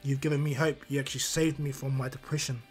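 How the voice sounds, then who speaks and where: A man's voice: mid-range voice, level tone, quick pace, breathy edge, faint music behind, natural voice. A man voicing a laid-back grown male ninja teacher with a wry, grumbling way of talking, in a fan story.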